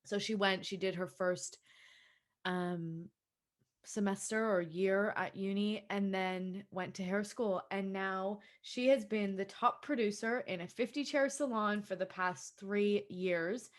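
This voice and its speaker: An Australian woman in her thirties hosts a podcast, talking casually and a little rambling. Her pitch sits in an ordinary middle range. She sounds enthusiastic and unscripted. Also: fairly even intonation, unhurried. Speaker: podcast host.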